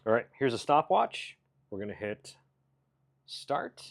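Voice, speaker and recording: In a hotel room, a male comedian-vlogger tinkers with his equipment while casually narrating, muttering and teasing himself. His medium-pitched voice is gravelly and sing-song, and he takes his time.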